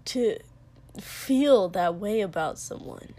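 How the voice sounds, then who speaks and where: A woman voicing a surly young man with a low, hoarse, gravelly voice who mutters and swears in a storybook reading. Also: expressive, slow pace. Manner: muttering, sulky and sharp, swearing. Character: gruff young male warrior, hoarse, surly and crude.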